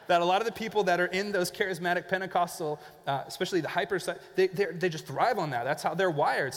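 A man preaching a sermon in a conversational, animated way, acting out the people he describes. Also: high voice, in a large hall. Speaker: pastor. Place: church.

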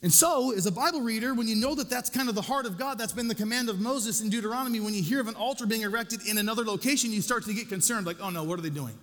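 A man's voice: very high voice, fast talker, few pauses, fairly bright tone, big-room sound. A male pastor preaching a sermon, conversational and self-deprecating, with casual asides to the congregation.

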